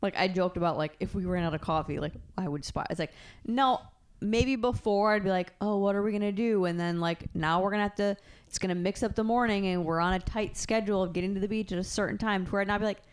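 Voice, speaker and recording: A woman's voice: mid-range voice, fast, smooth. A young adult woman co-hosting a podcast in casual chat, full of "like" and acting out what she would say. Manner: chatty, many "like" fillers, acts out quotes. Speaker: podcast co-host.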